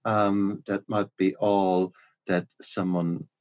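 A man with a German accent hosting a casual interview, encouraging and quick to laugh. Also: low-pitched, flat delivery. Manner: warm, encouraging, laughs often. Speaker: podcast host.

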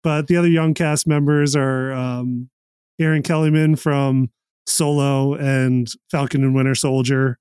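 Smooth-voiced, enthusiastic podcast host. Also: male voice, medium pitch, fairly even intonation, unhurried, a little mellow, no echo, studio quality. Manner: enthusiastic, filler-heavy. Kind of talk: casual chat.

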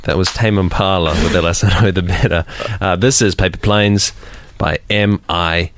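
A man's voice: low voice, fairly even intonation, normal speed, no room sound. A young man, hosting a casual student radio show, giggling and hesitant with many ums. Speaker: radio host.

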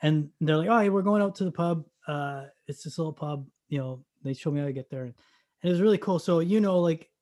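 High-pitched guy telling a bar story, acts out the voices, gets shouty and excited. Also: fairly quick. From Canada. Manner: animated storyteller, acts out dialogue, bursts into shouting. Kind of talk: casual storytelling chat.

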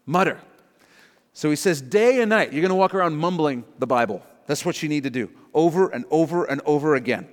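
A man preaching a sermon as a pastor, moving from emphatic points down to soft, prayerful quoted prayers. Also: fairly high pitch, big-room sound.

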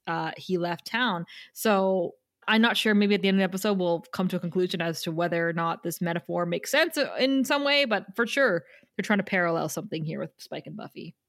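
A woman co-hosting a podcast, casually recapping an episode in an animated way, quoting lines and laughing often. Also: medium pitch, dry recording, clean studio sound. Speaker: podcast co-host.

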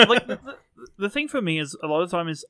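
Bright, expressive man. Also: high voice, brisk, dry recording. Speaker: podcast co-host. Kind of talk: casual film discussion.

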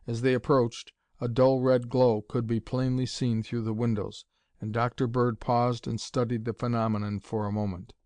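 Male audiobook narrator; steady, even reading, dry sound. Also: mid-range voice, normal speed, dry recording. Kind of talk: scripted narration.

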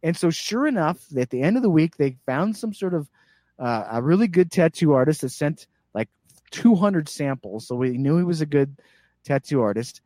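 Animated, higher-voiced storytelling man. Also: moderate pace, no room sound, clean studio sound. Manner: animated, acts out quoted voices. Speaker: guest. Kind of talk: casual storytelling chat.

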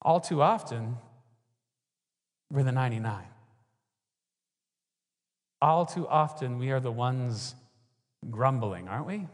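A man's voice: mid-range voice, takes it slowly, pauses often. A man preaching a sermon, often asking the congregation questions. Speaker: pastor. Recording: long reverb of a large hall.

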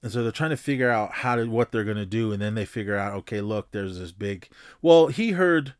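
A man hosting a podcast, casually recapping a film in a rambling, halting way, with lots of fillers and restarts and the odd chuckle. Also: lowish voice, expressive, clear, resonant tone, no echo, clean studio sound. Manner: chuckles while retelling. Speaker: podcast host.

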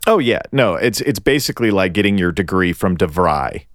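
Man, podcast co-host, teasing casual chat, lively pitch, dry close sound. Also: fairly quick, no room sound. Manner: teasing, animated, profane. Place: Los Angeles area.

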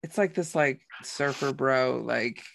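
A man's voice: medium pitch, a little slow, creaky, fairly bright tone, no echo. Rambling man in casual movie chat. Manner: rambling, filler-heavy storytelling. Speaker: podcast co-host.

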